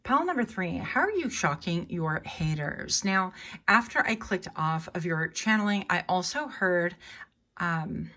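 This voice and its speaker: A woman's voice: on the low side, lively intonation, a little slow, bright, forceful tone. A woman doing a casual, rambling tarot reading, talking in a chatty way and often correcting herself. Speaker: tarot reader.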